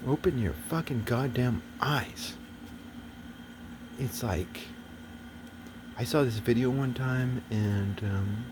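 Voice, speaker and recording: A man with a fairly low voice rambles through a casual monologue, swearing freely and slipping into agitated, preachy stretches. Steady noise and passing vehicles sit behind him.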